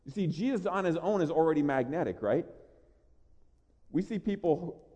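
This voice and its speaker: A man preaching a sermon with an earnest, emphatic delivery, slowing down to stress key lines. His voice sits a bit high but sounds mellow. The sound rings with a long reverb from a church sanctuary. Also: expressive. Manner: earnest preaching, emphatic slowed key lines, repeats words when starting. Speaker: pastor. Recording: long reverb of a large hall.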